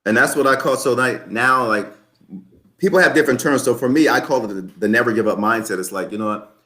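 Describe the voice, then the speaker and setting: A man's voice: mid-range voice, fast talker, pushed and bright. A man in his twenties, a podcast guest, talking emphatically and repeating his points like a motivational speaker. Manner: emphatic, repetitive motivational talk. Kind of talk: podcast interview.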